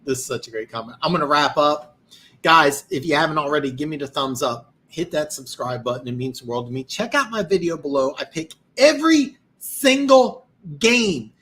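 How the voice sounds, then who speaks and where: Hosting a live football stream, this man reads out comments while rambling boastfully and restarting often; he's tired and his voice is going. It's a fairly high voice with lively intonation, a moderate pace, and a bright, forceful tone.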